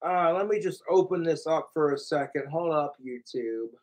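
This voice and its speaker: A man's voice: fairly high pitch, normal speed, darkish tone, rough recording. A man livestreaming, ranting profanely and mockingly about his trolls and talking about himself in the third person. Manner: mimics his trolls in sneering voices.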